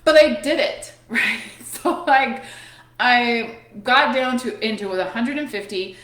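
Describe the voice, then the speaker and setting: A woman's voice: fairly high pitch, a little slow, fairly bright tone. A woman in her thirties talks candidly in a casual motivational chat. She swears freely and laughs often. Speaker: host. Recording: echoey room.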